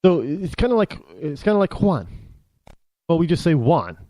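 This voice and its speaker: Rambling American man with a lively voice. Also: a little high, dry recording, studio quality. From United States. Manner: rambling, halting, with many restarts. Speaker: talk show host. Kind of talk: opinionated monologue.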